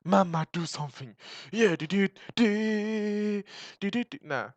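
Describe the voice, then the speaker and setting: A man's voice: high-pitched, takes it slowly, dry recording, muffled recording. Joking, swearing young man reading a visual novel. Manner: swears and jokes between dramatic reading.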